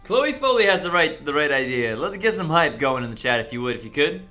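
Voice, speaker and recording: A man's voice: a little high, big pitch swings, brisk, sharp tone. A man hosting a casual livestream, upbeat, greeting viewers one after another by name. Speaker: livestream host. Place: echoey room. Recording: roomy echo, faint music behind.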